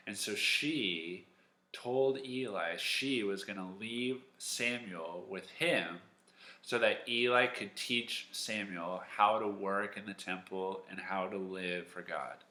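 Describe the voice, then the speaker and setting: A man teaching a Sunday school lesson at home, telling a Bible story in a lively, animated way. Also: on the low side, takes it slowly. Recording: echoey room.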